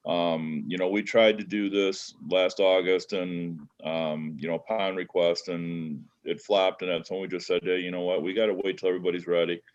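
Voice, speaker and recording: Midwestern American man, guest on a call, very low voice, earnest and halting, dull lo-fi audio. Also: little pitch movement. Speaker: guest, networking group leader. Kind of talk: casual chat. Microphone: video call.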